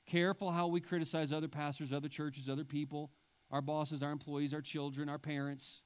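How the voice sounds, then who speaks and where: A man's voice: on the high side, little pitch movement, a little fast, clean tone. A male pastor preaching a sermon with emphatic delivery and wry asides.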